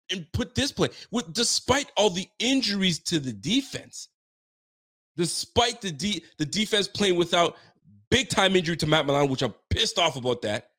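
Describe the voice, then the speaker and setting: A man from Ontario, Canada, with a high-sitting, somewhat bright voice hosts a sports podcast. In a postgame rant, he vents heatedly and fired-up, cursing frequently.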